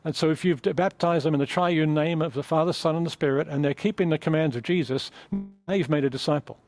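A man's voice: a little high, fast talker, a little mellow. A man preaching an earnest sermon on a psalm and leading a closing prayer, emphatic and teacherly, often restarting phrases.

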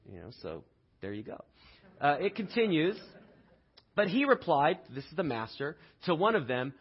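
A man's voice: on the high side, very animated, normal speed, husky, lo-fi sound. A man preaching a sermon as pastor, telling the story conversationally and asking the listeners questions.

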